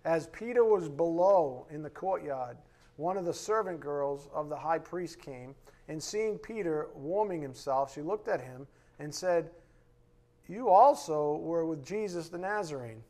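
A man teaching a Bible lesson in a relaxed, conversational way, often checking in with his listeners with "right?". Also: a little high, unhurried.

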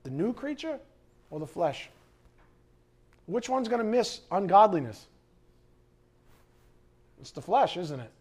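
A middle-aged man preaching a sermon as pastor, animated, acting out quoted voices and sometimes shouting. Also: high voice, slow, long pauses, slightly rough.

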